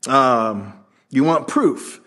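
This pastor speaks extremely slowly in a mid-range voice while preaching. His sermon is conversational and animated, and he performs the voices in the scripture passages.

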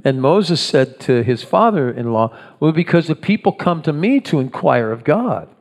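A man's voice: on the high side, big pitch swings, moderate pace, a little mellow. A man preaching a sermon in a conversational way, often restarting his phrases and acting out voices. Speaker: pastor. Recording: long hall reverb.

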